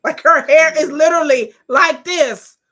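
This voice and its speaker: Very high-pitched excitable woman. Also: unhurried. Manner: excitable, laughing, swearing, mimicking characters. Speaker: streamer. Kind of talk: live watch-along reaction.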